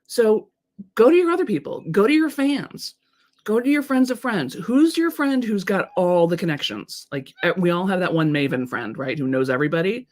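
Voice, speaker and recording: Frank, animated woman coaching on a live stream. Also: medium pitch, normal speed. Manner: animated, frank, swears casually, reads viewer comments aloud.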